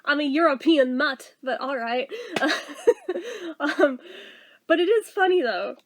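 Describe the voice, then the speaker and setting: A woman's voice: high voice, lively intonation, slow, a little hiss or hum. A woman in her thirties telling a story in a casual vlog, chatty and exasperated, swearing and laughing as she goes. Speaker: vlogger.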